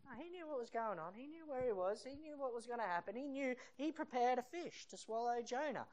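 A preacher giving a sermon in a lively storytelling style, acting out the scenes. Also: mid-range voice, fairly quick. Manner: animated storytelling that acts out the scenes.

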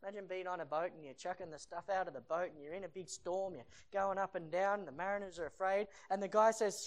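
A preacher giving a sermon in a lively storytelling style, acting out the scenes. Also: medium pitch, fairly quick, hardly any pauses. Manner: animated storytelling that acts out the scenes.

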